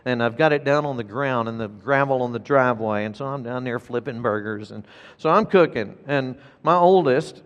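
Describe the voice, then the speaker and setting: A middle-aged man, a pastor preaching a sermon in an earnest, emphatic way, repeating his key points. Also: medium pitch. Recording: long reverb of a large hall.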